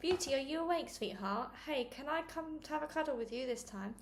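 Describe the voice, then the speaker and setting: A soft, doting mother coaxing her daughter in a gentle storybook voice, as a woman reads her. The pitch runs fairly high, and a faint hiss sits behind it. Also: lively intonation, a little fast.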